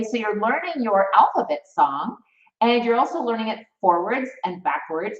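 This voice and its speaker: A woman teaching music theory in a live stream, chatty and encouraging, reading out viewers' comments as she goes. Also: medium pitch. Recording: roomy, distant, slightly dull mic.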